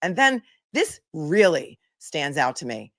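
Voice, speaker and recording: A woman's voice: deep voice, sing-song, unhurried. A woman attorney giving casual commentary, chatty and incredulous, reading posts aloud. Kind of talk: casual commentary on a legal case.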